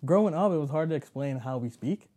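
A man's voice: fairly high pitch, lively intonation, fast, warm tone. A man in casual chat, thinking aloud and laughing often.

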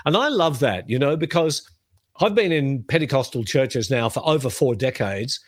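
A middle-aged man teaching the Bible on a podcast, telling the stories in a lively way and reading scripture aloud. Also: mid-range voice, normal speed, no echo.

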